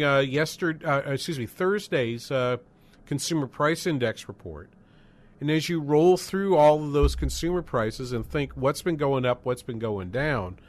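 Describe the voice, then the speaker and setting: A man in his sixties from northern New England, hosting a call-in radio talk show in a casual, rambling way with many fillers and restarts. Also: a little high.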